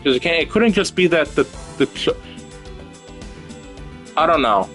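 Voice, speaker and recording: A man's voice: a little high, sing-song, unhurried, fairly bright tone, faint music behind. Rambling, foul-mouthed male streamer. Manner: rambling, swears casually. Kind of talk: casual gaming stream chat.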